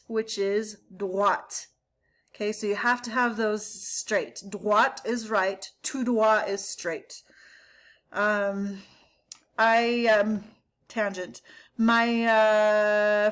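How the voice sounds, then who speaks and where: A woman teacher giving a recorded vocabulary lesson, explaining each word in English and slowly modeling its pronunciation. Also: a little high, steady tone, fairly bright tone. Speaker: French teacher.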